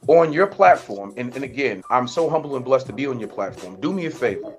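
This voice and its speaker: Earnest man speaking slowly. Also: medium pitch, animated, soft background music. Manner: slow, earnest, emphatic. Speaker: guest on a talk show. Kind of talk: earnest praise and encouragement.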